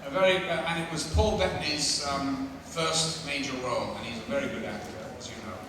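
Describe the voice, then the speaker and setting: A man in his sixties, a guest at a convention panel, telling stories to an audience with lively, profane mimicry. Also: medium pitch, a little fast. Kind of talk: storytelling Q&A with audience. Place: large convention hall. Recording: echoey hall from far off with loud crowd.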